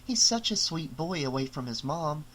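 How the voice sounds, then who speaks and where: A man voicing a young wife who speaks softly and teases her husband gently. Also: a little high, expressive, moderate pace, slight background noise. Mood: affectionate. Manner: soft, raised, gently teasing. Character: warm young wife, crafty and affectionate.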